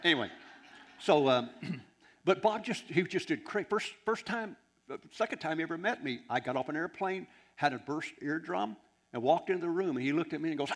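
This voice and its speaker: A man in his sixties, a preacher, telling anecdotes in an animated, rambling way with many restarts. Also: fairly high pitch, fast talker. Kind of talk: anecdotal sermon storytelling.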